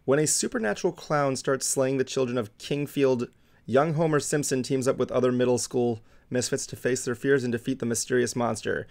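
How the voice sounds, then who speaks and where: A man's voice: mid-range voice, brisk, creaky, darkish tone. Podcast host, male, chatty and loose, lots of ums. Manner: chatty, many ums and restarts. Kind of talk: casual chat.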